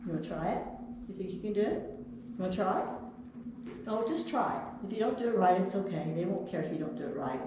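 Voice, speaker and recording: A woman puppeteer giving a children's puppet show, gently coaxing and talking to her puppet. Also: medium pitch, animated, fast, dull audio, background noise. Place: chapel. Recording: echoey chapel from far off.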